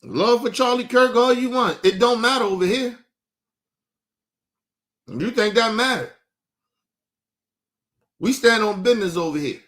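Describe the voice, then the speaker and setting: A man's voice: very high voice, a little slow, pauses often, a bit bright. A man hosting a livestream, ranting combatively and profanely while talking straight to his chat. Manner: combative, profane, mocking, addresses chat directly. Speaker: livestream host. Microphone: streaming setup mic.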